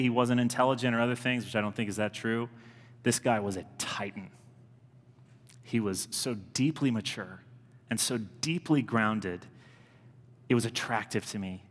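A man's voice: mid-range voice, a bit bright. A man in his thirties preaching a sermon in an earnest, conversational way, repeating key lines for emphasis. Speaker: pastor. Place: church sanctuary. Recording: long reverb of a large church.

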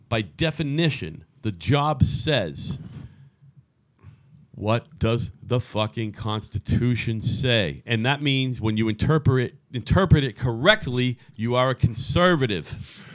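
Male podcast co-host, emphatic and profane, mid pitch, dry close recording. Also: dry recording. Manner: emphatic, repeats his points, swears often. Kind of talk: casual political chat.

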